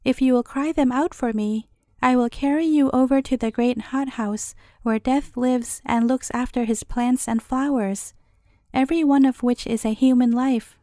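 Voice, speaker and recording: A woman's voice: sits high, steady tone, normal speed, dark tone, no echo, clean studio sound, natural voice. A woman voicing a talking lake that collects pearls and strikes a bargain in a storybook reading. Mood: coaxing.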